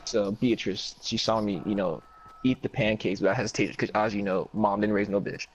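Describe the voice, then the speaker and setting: A man with a somewhat low voice tells a rambling, profane story in relaxed, casual chat. He jumps between the story and quoted lines from the people in it, with a faint hiss behind him. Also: fairly quick, low-quality recording.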